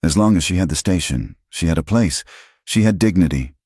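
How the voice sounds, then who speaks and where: Male narrator, very low voice, measured scripted storytelling, dry. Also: expressive, darkish tone, breathy edge, dry recording.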